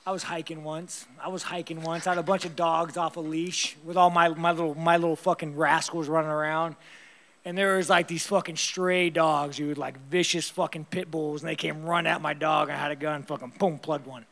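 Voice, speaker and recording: A man's voice: on the high side, little pitch movement, a little fast, creaky, fairly bright tone. A man answering press questions after a fight, blunt and rambling, swearing heavily and tired.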